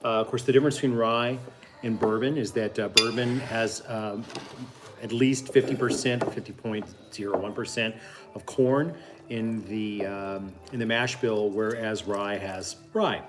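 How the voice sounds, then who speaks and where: A man's voice: on the low side, steady tone, a little slow. Man, cooking show host, casual banter, profane, joking, music behind. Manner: profane, wisecracking.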